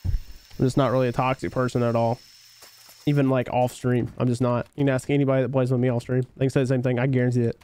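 A man's voice: medium pitch, little pitch movement, fast talker, dark tone, clear, resonant tone. A young man with a Southern US country twang who does laid-back, slangy live gameplay commentary, reading chat aloud and answering viewers. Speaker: game streamer.

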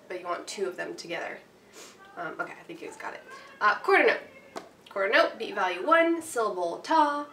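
A woman's voice: mid-range voice, pushed and bright, slight background noise. Chatty woman teacher in a roomy room. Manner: chatty, rambling, with fillers and checks like "right?". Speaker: piano teacher. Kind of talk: casual instructional walkthrough. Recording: roomy, distant mic with faint ambience.

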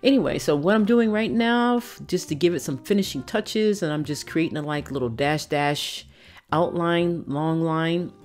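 A woman's voice: low voice, normal speed. An older woman chatting casually through a scrapbooking process video, rambling and often laughing at herself. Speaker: scrapbooking vlogger. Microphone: phone camera. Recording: soft background music.

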